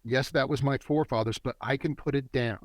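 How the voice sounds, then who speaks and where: A middle-aged man speaks in an even mid-range voice, recorded dry and close. He talks like a seasoned facilitator, earnest and instructive. His pace runs fast through ideas and then slows to stress them. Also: medium pitch, no room sound. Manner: earnest, teaching tone that speeds up and slows down. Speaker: guest, men's work facilitator. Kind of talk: reflective interview talk. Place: a warm, quiet spot with a generator running nearby.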